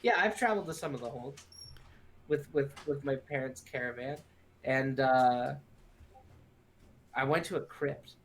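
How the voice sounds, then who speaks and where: A man's voice: medium pitch, unhurried, long pauses. A man playing a character in a tabletop game, hesitant, often repeating and restarting his words. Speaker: player. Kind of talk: in-character tabletop role-play.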